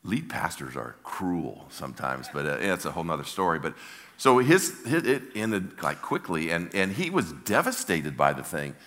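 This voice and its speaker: An older male pastor preaches in a church, his low voice carrying a forceful edge. He tells his story from the heart, often stopping and starting over mid-sentence, and the long hall reverb hangs behind every phrase. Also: sing-song. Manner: heartfelt storytelling with halting restarts. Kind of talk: sermon.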